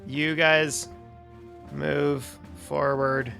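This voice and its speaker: A man's voice: a little high, flat delivery, extremely slow, creaky, pushed and bright, faint music behind. A man running a tabletop game as dungeon master, narrating loosely with restarts and laughs.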